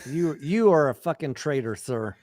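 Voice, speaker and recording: A man's voice: fairly high pitch, expressive, moderate pace, a little mellow, no echo, studio quality. A man hosting a late-night livestream chat, joking and swearing, tired and reading viewer comments aloud. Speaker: livestream host. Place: home in Texas.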